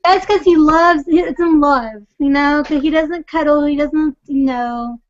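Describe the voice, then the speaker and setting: A woman's voice: sits high, unhurried, no room sound. A woman from Pakistan, a podcast guest, rambling through casual stories with many fillers. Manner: rambling, giggly, lots of fillers. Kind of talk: casual chat. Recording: dull lo-fi sound, dry room.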